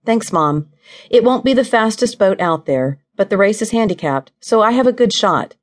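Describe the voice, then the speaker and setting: A woman's voice: mid-range voice, lively intonation, normal speed, pitched above the performer's own voice, natural voice. A woman voicing a determined, grieving young woman in an audiobook, earnest and reassuring.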